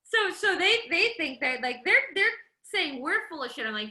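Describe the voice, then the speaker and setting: Animated bright-voiced woman telling a story. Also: very high voice, normal speed, hardly any pauses, echoey room. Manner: animated, restarts often, acts out quotes. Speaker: podcast guest. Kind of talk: casual storytelling chat.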